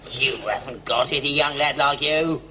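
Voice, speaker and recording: A man's voice: mid-range voice, normal speed, bright, forceful tone, a little hiss or hum, close to an everyday voice, rough recording. An actor playing a selfish, cantankerous old father, whining and cadging in a sitcom. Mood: dismissive. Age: older.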